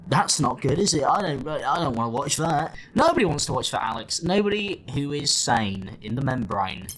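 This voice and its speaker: A man's voice: fairly high pitch, sing-song, moderate pace, fairly bright tone. A man hosting a reaction video, talking in a sarcastic, theatrical, mock-whiny way. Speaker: host. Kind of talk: reaction commentary.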